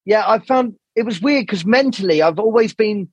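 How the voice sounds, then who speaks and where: A man's voice: high voice, normal speed, slightly rough, no room sound, highs cut off. A man talking as a podcast guest in a candid, rambling way, swearing often. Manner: swears freely, animated rambling storytelling. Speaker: jazz saxophonist, podcast guest.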